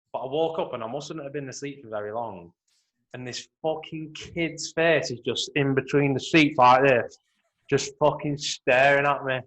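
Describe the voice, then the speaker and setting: A young man co-hosting a podcast, chatting casually with relaxed, sweary banter. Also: on the high side, rough recording. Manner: laid-back sweary banter. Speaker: podcast co-host. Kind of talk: casual chat.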